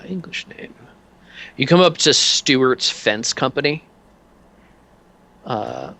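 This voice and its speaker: A man's voice: fairly low pitch, a bit bright. A man narrating as game master, loose and laughing, with plenty of fillers.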